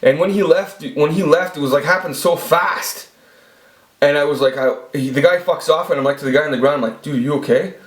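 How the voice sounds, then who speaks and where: Speaking fairly quickly in a fairly high voice, this man in his forties tells rambling, profane tales of his past as a casual storytelling monologue. He's a vlogger filming himself, and the room echoes.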